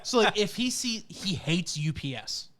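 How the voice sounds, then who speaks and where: A man with a high voice, chatting casually as a podcast co-host. He tells stories with energy and mimics animal sounds as he goes. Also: moderate pace. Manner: animated storyteller, acts out his dog's noises. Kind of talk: casual chat.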